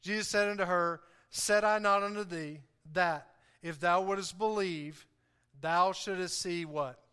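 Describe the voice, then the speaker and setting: A man preaching with a high, bright voice that rings back from a large hall with long reverb. He is emphatic, and he keeps turning to the congregation with questions for them to answer. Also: fairly even intonation, measured pace, smooth. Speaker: pastor. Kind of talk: sermon.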